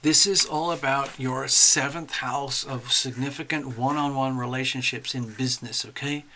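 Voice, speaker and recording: A man's voice: mid-range voice, fairly even intonation, moderate pace, bright, forceful tone, slight background noise. A man hosting a casual astrology livestream, chatting animatedly to viewers while drawing charts.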